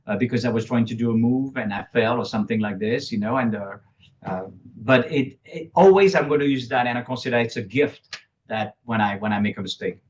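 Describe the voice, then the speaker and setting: A man's voice: medium pitch, brisk. A man with a French accent, whose first language is French, chats as a guest on an interview show. He chuckles often, restarts his sentences and bends English grammar. The recording sounds a little dull and lo-fi. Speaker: guest, public speaking coach. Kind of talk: casual interview talk.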